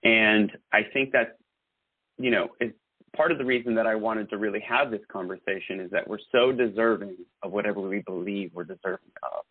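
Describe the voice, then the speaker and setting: A man's voice: on the low side, fairly even intonation, a little fast, husky, no echo. Earnest rambling man on a tinny line. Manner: earnest, rambling with filler words and restarts. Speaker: guest host. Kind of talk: casual podcast chat.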